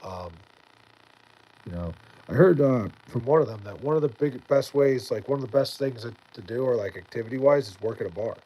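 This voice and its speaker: This livestreamer is worn out and close to bedtime, chatting with viewers late at night and reading their messages in a rambling way full of fillers and false starts. He has a mellow, medium-pitched voice with lively intonation and a brisk pace, captured in a rough recording.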